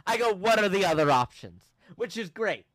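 A man hosting a podcast, telling a story casually and acting out the people in it with shouts and laughs. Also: sits high, normal speed, no echo. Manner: animated, acts out quoted people with shouts and laughs. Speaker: podcast host.

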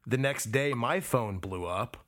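A man hosting a podcast, chatting in a relaxed conversational way with his guest. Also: mid-range voice, measured pace. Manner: relaxed, conversational, short affirmations. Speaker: podcast host. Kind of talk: casual interview chat.

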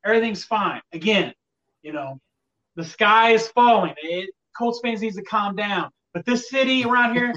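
A man's voice: high voice, moderate pace, sharp tone, distant mic, highs cut off. A man co-hosting a casual sports talk show, rambling and exasperated about his team's fans. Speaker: podcast co-host.

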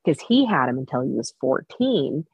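A woman's voice: extremely low pitch, very animated, moderate pace, husky, dry recording, muffled recording. A woman hosting a casual podcast conversation, adding short reactions and playful asides. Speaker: podcast host.

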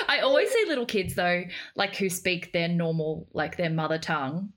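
A woman's voice: medium pitch, moderate pace. A young woman hosting a podcast interview, chatting casually and laughing often. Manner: giggly, excitable, laughs often. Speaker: podcast host.

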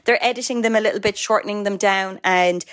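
A woman co-hosting a casual podcast. She chats freely, dotting her talk with fillers and asides, at an ordinary middle pitch. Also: fairly even intonation, a little fast. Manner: chatty, lots of fillers and asides. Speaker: podcast co-host. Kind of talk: casual chat.

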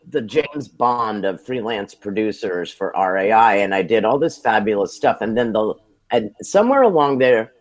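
Sitting down for an easygoing interview, an American man who produces television talks in an unremarkable mid-range pitch. He builds each career anecdote with a natural conversational flow, peppering the stories with lively humor at his own expense.

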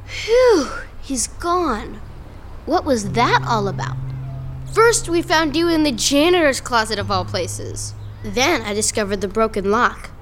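Here the same actress again plays the brave, inquisitive eleven-year-old detective chatting eagerly with her cat in an audio drama. Her fairly high, animated voice keeps a measured pace and a bright, eager narrating quality, with background ambience audible.

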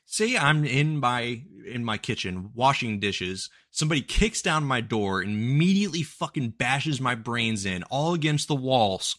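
A man's voice: mid-range voice, expressive, unhurried, hardly any pauses, fairly bright tone. A man co-hosting a casual podcast, ranting in an exaggerated way and swearing often. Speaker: podcast co-host.

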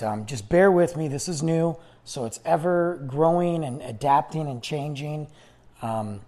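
A podcast host with a warm, mid-range voice chats his way through a casual solo monologue. His talk rambles, and he restarts sentences as he's losing his voice.

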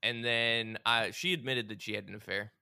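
A man's voice: lowish voice, steady tone, normal speed, vocal fry, sharp tone, clear, resonant tone, no room sound, studio quality. A man co-hosting a casual chat, playful and jokey. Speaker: podcast co-host. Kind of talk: casual chat about a game.

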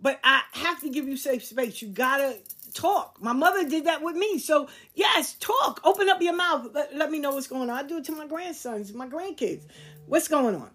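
A woman's voice: high voice, animated, moderate pace, few pauses, a bit bright. A middle-aged woman hosting a podcast, talking straight to her listeners in a blunt, emphatic, lecturing way, swearing freely. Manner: preachy, lecturing tone. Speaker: podcast host. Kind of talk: candid monologue to listeners.

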